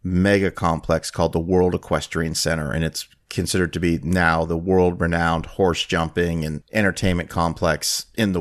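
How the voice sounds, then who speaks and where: A man with a lowish voice hosts a casual podcast. He tells a long story with lots of restarts and fillers. When he acts out other people's lines, his pitch jumps sharply upward. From United States. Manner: animated storyteller who raises his pitch for quoted people. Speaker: podcast host.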